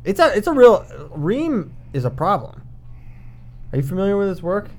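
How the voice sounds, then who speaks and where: A man co-hosting a casual sports talk show, chatty and quick to apologize. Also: high voice, big pitch swings, a little mellow. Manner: chatty, self-deprecating. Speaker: co-host.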